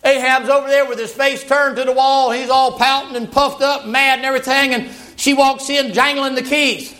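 A man preaching a sermon as a folksy, animated story, acting out the characters as he goes. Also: very high voice, normal speed, hardly any pauses.

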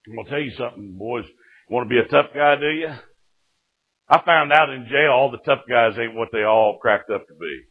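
Middle-aged preacher, fervent testimony with frequent amens, tinny lo-fi recording. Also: male voice, mid-range voice, normal speed. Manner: fervent storytelling, punctuated with "Amen". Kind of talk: sermon testimony. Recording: tinny lo-fi phone-like sound.

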